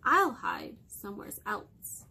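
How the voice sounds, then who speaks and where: A woman giving voice to Jack, a bold, cheeky boy from a children's storybook, quick with an excuse. The voice is bright and light. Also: mid-range voice, very animated, creaky, slightly rough, full character voice. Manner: cheeky, then yelling for help.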